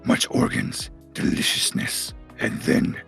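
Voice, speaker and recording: A man voicing a brutish cannibal raider who talks in broken, gravelly phrases. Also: slow pace, fairly bright tone, faint music behind. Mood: menacing. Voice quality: deep gravelly growl, broken speech.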